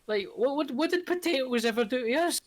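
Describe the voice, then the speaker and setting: A man's voice: extremely high pitch, animated, a little fast. A man co-hosting a casual podcast who jokes around with playful, goofy questions. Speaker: podcast co-host. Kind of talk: casual chat.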